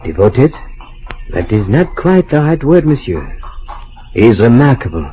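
A cynical suave doctor. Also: male voice, mid-range voice, big pitch swings, unhurried. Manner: smooth, dry and cynical. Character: cynical suave male doctor, Paris-educated official. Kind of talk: old-time radio drama. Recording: dull lo-fi old radio recording with faint hiss.

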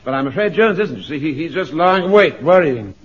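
An actor playing a mild, polite and diffident sergeant in a radio sitcom. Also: male voice, fairly high pitch, animated, fairly quick, a little hiss or hum, natural voice. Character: languid, apologetic male sergeant. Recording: dull lo-fi radio recording.

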